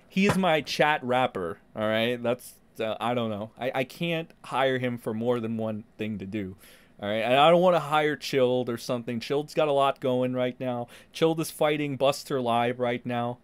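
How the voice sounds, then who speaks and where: A man hosting a casual livestream, rambling and profane, in animated commentary. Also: medium pitch, clear, resonant tone. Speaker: streamer host.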